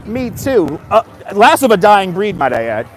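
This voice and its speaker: His high-pitched voice swings widely in pitch at a moderate pace while he streams live from a crowded seaside part of a city. The Brooklyn-born man in his fifties, speaking with a Brooklyn accent, casually and bluntly answers viewer comments over slight background noise.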